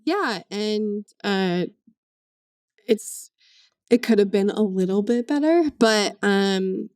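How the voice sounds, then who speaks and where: A woman sports reporter co-hosting a podcast, talking casually in a halting way with many "um"s. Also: mid-range voice, darkish tone, smooth, no echo, studio quality. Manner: halting, many "um"s, uneven pace.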